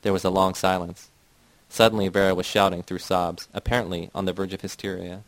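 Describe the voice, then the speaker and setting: A man with a fairly low voice reads a first-person novel aloud. His delivery is measured and even. The sound is dry and close, with no room around it. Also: dry recording, low-quality recording. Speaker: audiobook narrator.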